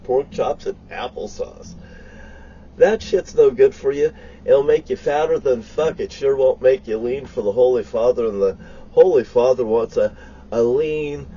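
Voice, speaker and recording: A man's voice: mid-range voice, warm tone, husky, lo-fi sound. A man ranting in a heated, rambling monologue, swearing constantly. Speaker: vlogger.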